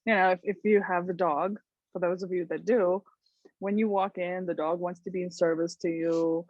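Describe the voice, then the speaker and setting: A woman hosting a talk show, chatting casually and telling stories with lively acted-out voices. Her pitch sits in the middle range for a woman. The sound is dry and dead, with a slightly muffled top end. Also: normal speed, dry recording. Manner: animated storyteller who acts out voices. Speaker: host.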